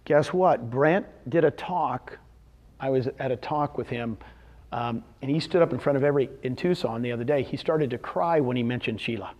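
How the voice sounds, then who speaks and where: A man speaking live to a room of real estate agents, animated and quizzing his audience with questions, often acting out what others told him. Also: medium pitch, normal speed. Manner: retells conversations in quoted voices. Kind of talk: live seminar talk.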